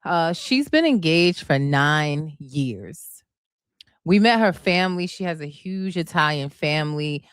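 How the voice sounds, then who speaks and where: A woman's voice: sits low, animated, unhurried, clean tone, no room sound, clean studio sound. A woman chatting casually to her viewers, recapping a reality show and gushing about the cast, calling them y'all and honey. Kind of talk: casual chat.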